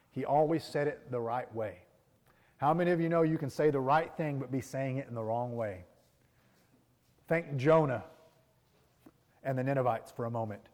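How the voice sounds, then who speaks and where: A man's voice: medium pitch, normal speed, pauses often, a little mellow. Preaching man in a reverberant hall. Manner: earnest preaching, rising and falling in force, repeating key lines. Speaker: pastor. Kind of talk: sermon.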